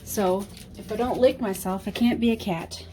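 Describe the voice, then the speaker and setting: In her home kitchen, a woman vlogger cooks and chats casually, rambling and talking to her cat. Her mellow, mid-range voice moves at a normal speed.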